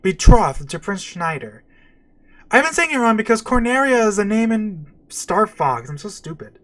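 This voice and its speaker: A man's voice: high-pitched, big pitch swings, moderate pace, fairly bright tone. Chatty man commenting on gameplay. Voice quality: chatty, self-deprecating, explanatory. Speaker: let's play commentator.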